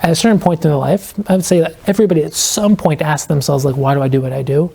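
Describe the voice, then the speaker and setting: A man, an author guesting on a podcast, explaining his ideas earnestly and reflectively, slowing down to stress key points. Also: fairly high pitch, fairly even intonation, vocal fry, warm tone, husky. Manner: fills speech with "like" and quoted inner questions.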